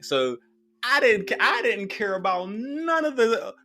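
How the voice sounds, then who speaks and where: A man's voice: high-pitched, sing-song, measured pace, bright, forceful tone. A man co-hosting a casual horror movie podcast, talking bluntly with lots of slang. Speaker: podcast co-host. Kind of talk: casual movie review chat.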